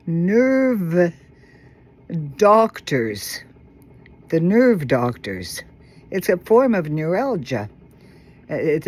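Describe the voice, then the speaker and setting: An older woman talking casually to her viewers in a halting, rambling way, full of fillers and restarts. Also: fairly low pitch, darkish tone. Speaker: vlogger.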